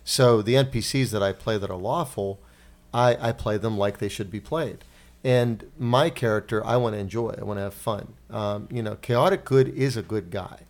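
Animated man hosting a roundtable chat. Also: fairly low pitch, normal speed. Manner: animated, leads the discussion with questions. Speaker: podcast co-host.

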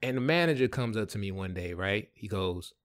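A man hosting a podcast, telling a story in a casual, animated way with lots of slang and swearing. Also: on the low side, brisk. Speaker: podcast host.

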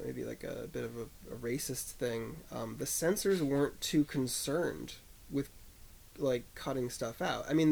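Gravelly-voiced man explaining film history. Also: medium pitch, darkish tone. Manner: measured, explanatory, with fillers. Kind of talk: casual film discussion.

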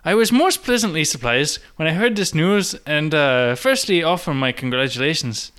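An Irish man reading a letter as a pompous young male wizard, halting and slipping back into his own accent. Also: on the high side, animated, a bit bright, smooth.

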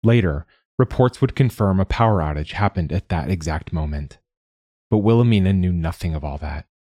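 Give me a man with a deep, husky voice narrating a story in a measured, somber way. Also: expressive, mellow, dry recording, clean studio sound.

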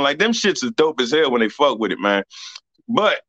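Bright-voiced laid-back male comedian. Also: a little high, big pitch swings, brisk. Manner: laid-back, supportive, casual swearing. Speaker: stand-up comedian. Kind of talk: casual podcast chat. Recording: slightly dull lo-fi sound.

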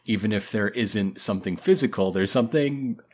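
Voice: mid-range voice, normal speed, darkish tone. A podcast co-host in casual chat who cracks wry jokes and muses reflectively. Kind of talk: casual chat with jokey asides.

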